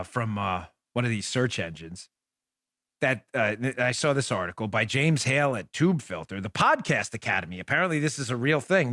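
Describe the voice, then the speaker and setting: Animated man hosting a talk podcast. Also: mid-range voice, no room sound, clean studio sound. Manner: sarcastic mock-pleading, rambling with restarts. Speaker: podcast host. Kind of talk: animated political talk show monologue. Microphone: studio microphone.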